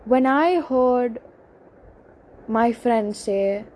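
A young woman telling a personal story in a halting, emotional confessional monologue, full of pauses and restarts. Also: a little high, a little mellow, poor audio. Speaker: speaker sharing a personal story.

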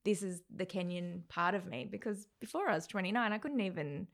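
A woman in her thirties with an Australian accent, a guest in a casual interview who talks in a lively way and acts out the voices of people she quotes. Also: on the low side, fairly quick, vocal fry.

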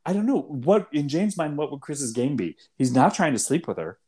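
A man's voice: fairly high pitch, big pitch swings, moderate pace, darkish tone, breathy edge. A man co-hosting a casual TV recap podcast, arguing his reading of the characters methodically, point by point. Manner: argumentative, lays out points step by step. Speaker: podcast co-host.

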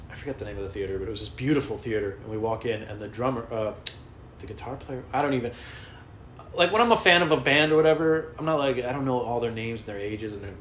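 A man's voice: on the low side, a little hiss or hum. A man telling a rambling, profane, self-deprecating story in a casual vlog. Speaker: vlogger. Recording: roomy with faint ambience.

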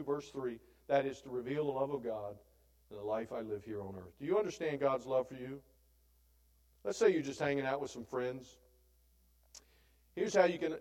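A man preaching a sermon with a slightly high voice. He moves from loud, emphatic declarations to hushed, tender lines and back again. He talks to the audience as if in conversation, asking them questions and checking in with "right?". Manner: asks the audience questions, often adds "right?"; conversational, with restarts. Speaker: pastor.

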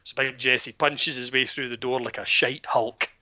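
Scottish male podcaster with a crisp, bright voice; wry, profane storyteller. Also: medium pitch, normal speed, slight background noise. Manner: sardonic, swearing, animated storytelling. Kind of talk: casual film recap chat.

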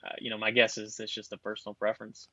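A man's voice: lowish voice, monotone, quick pace, pushed and bright, no echo, highs cut off. A man on a podcast explaining phone networks in a rambling, casual way, full of fillers and restarts. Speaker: guest expert on cell networks.

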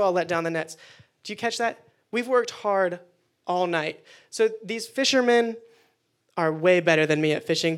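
Young male youth pastor, higher-pitched, animated and chatty in the pulpit. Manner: animated, acts out quoted prayers. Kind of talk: casual youth sermon.

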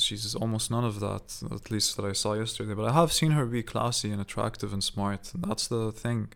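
A man's voice: lowish voice, creaky. A young man hosting his own podcast, telling a long personal story in a rambling, profane way, full of "like" and "you know". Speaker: podcast host. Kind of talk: casual monologue.

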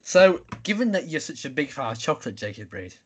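A man's voice: mid-range voice, sing-song, a little fast, fairly bright tone, a little hiss or hum. A young man hosting a casual podcast chat, running a quiz game in an upbeat, announcing way. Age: young adult. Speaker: podcast host.

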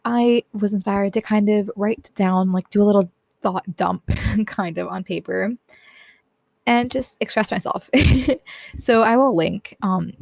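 A teenage girl hosting her own talk, speaking earnestly and softly, tired and a little teary, often laughing at herself. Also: mid-range voice, a little slow, vocal fry, dry recording. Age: teens. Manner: earnest, self-deprecating, laughs often, soft-spoken. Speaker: podcast host. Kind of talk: personal reflective talk.

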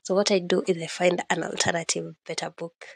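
A young woman, chatting casually and excitedly about books she loved, slipping Swahili slang into her English and recording on her phone. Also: on the low side, a little fast, creaky, slightly rough, dry recording. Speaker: podcast host.

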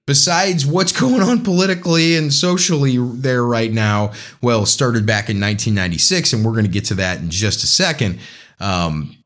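A man from the United States, his voice mid-range and a bit bright, hosts a podcast where he rambles casually about politics. He speaks directly to listeners and keeps correcting himself along the way.

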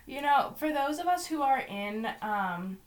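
A woman's voice: high voice, expressive, a little slow. A young woman in her twenties co-hosting a podcast in casual chat, with a wry, teasing manner. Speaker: podcast co-host.

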